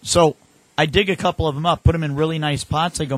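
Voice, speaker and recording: A man telling animated anecdotes in casual chat, acting out the voices of people in his stories. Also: a little high, fast, no echo. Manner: animated anecdotes with acted-out quotes.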